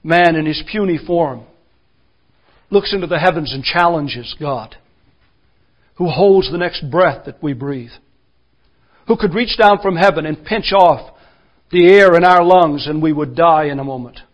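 A man delivers a sermon in a high-pitched voice, pushing his points with forceful, rising emphasis. The recording is dull and muffled, like an old lo-fi church tape. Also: expressive, unhurried, pauses often. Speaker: preacher.

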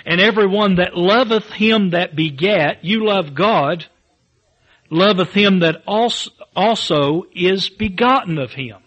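A man's voice: high-pitched, a little slow, fairly bright tone, dull audio. A man preaching a sermon, building emphasis through repetition and reading scripture aloud in old-fashioned wording. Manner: reads scripture in King James wording. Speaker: pastor.

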